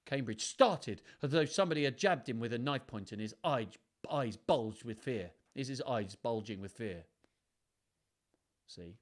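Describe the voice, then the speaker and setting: A man's voice: medium pitch, animated, unhurried. Playful man reading a story aloud. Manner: playful, chatty, self-mocking asides. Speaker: storyteller hosting a livestream. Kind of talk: live read-aloud with chat to viewers.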